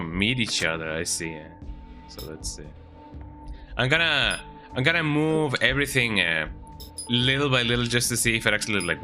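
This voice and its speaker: A man streaming a video game, talking casually to viewers as he plays and often ending sentences with "eh?". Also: mid-range voice. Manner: chatty, lively, tags sentences with "eh?". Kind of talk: casual gameplay commentary. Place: home, with a cat on his lap.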